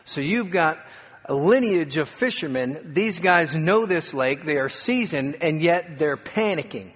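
Male pastor, dramatic sermon delivery, loud cries to soft hush, slightly high voice, long hall reverb. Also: lively intonation, measured pace, slightly rough. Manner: dramatic preacher, swings from loud cries to hushed tones.

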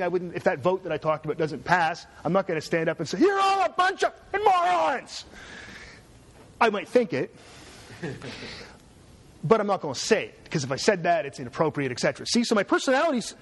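A middle-aged male professor lecturing a class, his voice sitting a little high for a man. He talks in a dry, sarcastic way and slips jokes into his points. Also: husky. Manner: sarcastic, joking asides. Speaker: university lecturer.

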